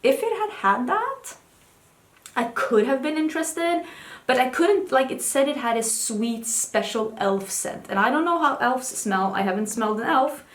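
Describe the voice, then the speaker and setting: A woman's voice: fairly high pitch, moderate pace, roomy sound. A woman beauty vlogger talking casually about new makeup, chatty and full of fillers, with wry little asides. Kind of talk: casual chat reviewing makeup. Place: room at home with a cat.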